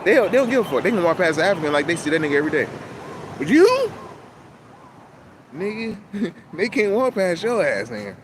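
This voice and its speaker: High-voiced man ranting over traffic noise. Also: fast. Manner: profane, loose street slang, animated. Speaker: channel host. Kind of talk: casual rambling monologue. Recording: loud outdoor traffic noise.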